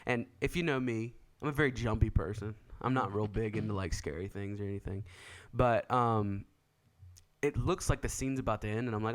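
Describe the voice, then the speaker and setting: A man's voice: fairly low pitch, a little fast. Young man telling a story on a podcast. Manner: laughing storyteller, voices others in quotes. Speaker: podcast co-host. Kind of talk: casual chat.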